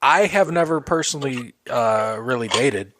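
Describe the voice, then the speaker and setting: A man's voice: mid-range voice, animated, moderate pace, background noise. A man hosting a casual podcast chat, cracking jokes, swearing and laughing often. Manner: joking, profane, laughs often. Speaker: podcast host.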